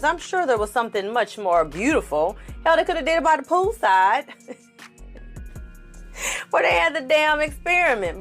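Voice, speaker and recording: A woman giving a casual reaction commentary on a TV show, blunt and sassy, swearing freely and talking straight to her viewers. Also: high voice. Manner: talks straight to the audience. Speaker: TV reviewer.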